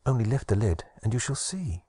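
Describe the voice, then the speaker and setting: Sweet little fairy girl, playful and coaxing, kinda husky , a guy doing the voice. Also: mid-range voice, sing-song, fairly quick, dark tone, no room sound, studio quality. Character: sweet cheerful female fairy Hope. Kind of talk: audiobook narration.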